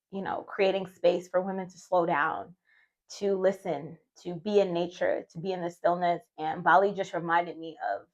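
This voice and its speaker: A woman's voice: lowish voice, fairly bright tone, lo-fi sound. Chatty, heartfelt woman vlogging. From United States. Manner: chatty and heartfelt, often slips into voicing her own past thoughts. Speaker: vlogger and retreat host. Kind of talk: casual personal storytelling vlog.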